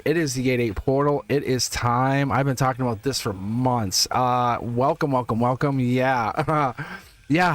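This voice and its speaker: A middle-aged man reading tarot live, chatting casually, laughing often and repeating himself. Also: medium pitch. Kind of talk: casual live-stream chat. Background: test music.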